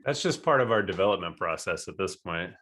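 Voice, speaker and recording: A man's voice: low voice, expressive, fairly quick, fairly bright tone, slightly rough. A man co-hosting a casual tech tutorial, asking clarifying questions in an amused way. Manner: checks understanding with questions, amused. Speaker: co-host.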